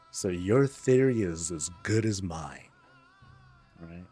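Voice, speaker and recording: A man's voice: lowish voice, animated, takes it slowly, pauses often, darkish tone, breathy edge, soft background music. A man streaming, chatting casually, rambling and joking, swearing freely. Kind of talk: casual chat.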